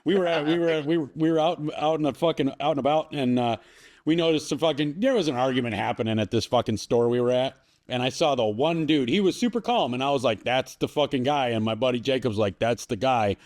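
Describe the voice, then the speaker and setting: A man's voice: medium pitch, fast talker, a little mellow. A man guesting on a podcast, telling long rambling stories full of swearing and laughter. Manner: rambling, profane storyteller who laughs often. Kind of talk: casual podcast chat.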